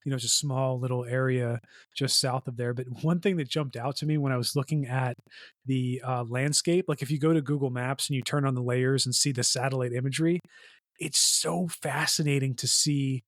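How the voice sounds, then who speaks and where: A man's voice: medium pitch, steady tone, fairly quick, dry recording, clean studio sound. Rambling man co-hosting a podcast. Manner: rambling, heavy "like" and "you know" fillers. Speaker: podcast co-host. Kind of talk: casual chat.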